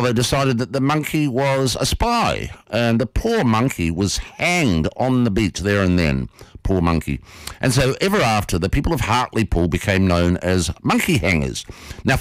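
Lively male radio host. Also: on the low side, no echo. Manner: animated, playful storyteller. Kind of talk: radio storytelling and interview.

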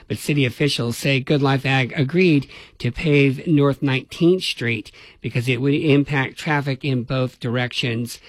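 A man reading a scripted radio newscast as anchor, in a steady, measured delivery. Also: medium pitch, dry recording.

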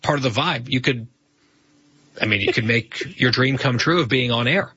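Bright husky man, dry teasing banter. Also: medium pitch, moderate pace, dry recording, highs cut off. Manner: teasing, deadpan. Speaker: podcast co-host. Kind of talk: casual comedic banter.

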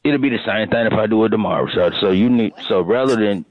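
A man's voice: lowish voice, fast talker, no room sound. Rambling man on a tinny phone line. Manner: rambling, repetitive storyteller. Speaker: caller on a radio morning show. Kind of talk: comic phone call bit.

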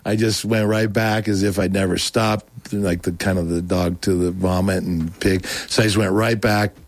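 A man telling his personal story in a casual, animated way, acting out quoted dialogue with many restarts. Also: deep voice, moderate pace, no echo.

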